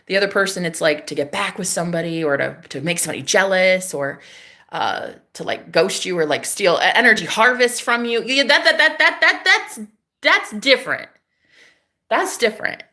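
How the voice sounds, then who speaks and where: A young woman ranting emphatically to her viewers about spirituality, preachy and swearing a lot, with fast bursts and big swings in pitch. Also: sharp tone. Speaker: spiritual vlogger. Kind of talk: casual spiritual rant to viewers.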